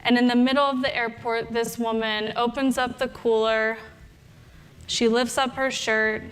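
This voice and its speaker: A young woman speaks in a fairly high, smooth, clear voice, telling a story to an audience. She delivers it with animated energy and voices her own inner thoughts as she goes, like a health coach giving a talk. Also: measured pace.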